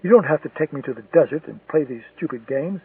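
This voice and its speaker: A man's voice: on the high side, expressive, fast, husky, dry recording, exaggerated voice. A man reading an audiobook voices a frightened but defiant woman, a former militant denying who she is. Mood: frightened pleading. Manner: pleading, insisting denial. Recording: tinny, distant, dry lo-fi recording.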